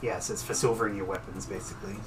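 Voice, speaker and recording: A man's voice: fairly low pitch, steady tone, racing, noisy background. A man narrating as game master in a tabletop game, chatty and often laughing. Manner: giggly, loose, chatty. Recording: distant mic with faint music.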